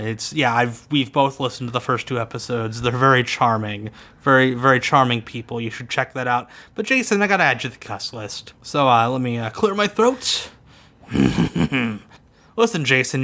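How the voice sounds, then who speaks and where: A man's voice: mid-range voice, expressive, moderate pace, pushed and bright. A man co-hosting a casual podcast, launching into a profane, mock-angry rant. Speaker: podcast co-host.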